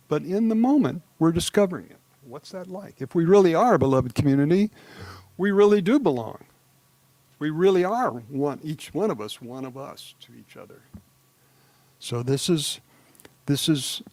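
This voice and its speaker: A man leading a live congregation through a guided exercise, relaxed and chuckling, slowing down to speak each phrase deliberately. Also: on the high side, dry recording. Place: gathering hall with a live audience.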